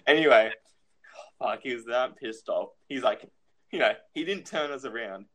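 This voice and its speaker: A man's voice: medium pitch, animated, normal speed, a bit bright. A young man in casual chat, telling a childhood story, laughing often and swearing freely.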